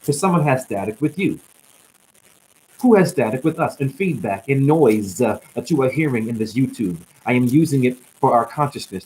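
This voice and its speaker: A man's voice: mid-range voice, darkish tone, low-quality recording. Tired man rambling rhymes on a livestream. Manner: rambling rhyming wordplay with sudden whoops. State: tired, drained. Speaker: spiritual livestreamer. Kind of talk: freestyle spiritual monologue. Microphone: static-laden livestream mic.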